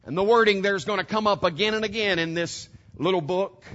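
A man's voice: high-pitched, fairly quick, fairly bright tone, dull audio. A man preaching a sermon to his congregation, emphatic and direct, throwing out rhetorical questions. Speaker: pastor.

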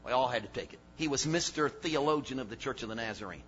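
An older man preaching a sermon, dropping to low asides and then rising to shouted emphasis. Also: fast talker, a little hiss or hum. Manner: animated, swings from low mutters to shouted emphasis. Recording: dull lo-fi sermon recording.

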